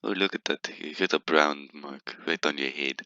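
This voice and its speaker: A man with a very deep, sharp-toned voice speaks at normal speed. He's a gaming video creator offering playful, teasing commentary as he plays, giggling, muttering and humming to himself. The recording is dull, lo-fi and dry, with no room sound.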